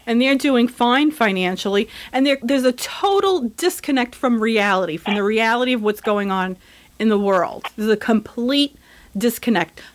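A woman's voice: on the high side, moderate pace. A woman in casual chat who talks bluntly and rants with lots of profanity.

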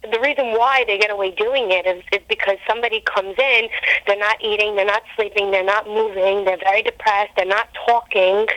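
A woman's voice: mid-range voice, steady tone, fairly quick, a bit bright, dry recording, dull audio. A woman who works in psychiatric care, chatting casually about her patients as a guest. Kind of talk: casual chat.

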